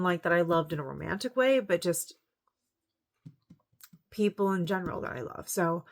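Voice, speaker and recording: A woman talks casually through her review of a TV series, her voice sitting somewhat low. She is close to tears and sighs often, and her words come haltingly with frequent restarts. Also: fairly bright tone. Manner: emotional, halting, many restarts and fillers. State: near tears, sighing.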